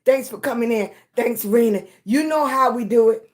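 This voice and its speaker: A woman hosting a casual livestream chat with viewers. Her voice is slightly raspy, and she talks slowly and affectionately, sometimes short of breath. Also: a little high. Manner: slow, breathy, affectionate, calls viewers baby. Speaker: livestream host.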